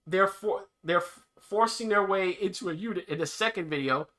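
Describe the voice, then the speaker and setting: A man's voice: high-pitched, moderate pace, fairly bright tone. A man hosting a livestream, reacting to news clips with sarcastic commentary and frequent laughter. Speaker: livestream host.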